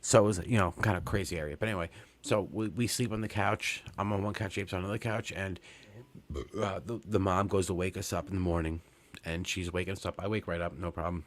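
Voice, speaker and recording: Man, low voice, forties, from Long Island, rambling, swearing, casual podcast storytelling. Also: steady tone, fast talker, slight background noise. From Long Island, New York. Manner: rambling, profane, many fillers and restarts. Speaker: podcast co-host.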